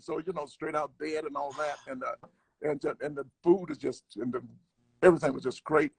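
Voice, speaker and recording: Older man telling an animated story. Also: a little high, brisk, vocal fry, slightly rough, dry recording. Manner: animated storyteller acting out quotes. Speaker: guest comedian. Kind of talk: storytelling in casual conversation.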